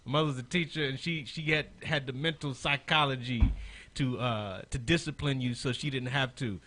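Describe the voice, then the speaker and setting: A man telling a story in a casual chat, speaking haltingly with pauses. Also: mid-range voice, pushed and bright, slight background noise.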